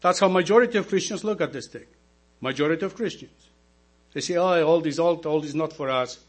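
Male deacon, non-native English speaker, slightly raised pitch, slow emphatic sermon over a mains hum. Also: breathy edge. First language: not English. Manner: slow, emphatic preaching with rhetorical questions to the congregation.

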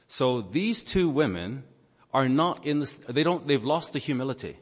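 A man's voice: mid-range voice, expressive, slightly rough. A man preaching a sermon, stopping to explain the grammar of a Bible passage in a teacherly way. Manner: teacherly, explains Greek grammar, pauses on words. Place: church or large meeting hall. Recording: long echo in a large hall.

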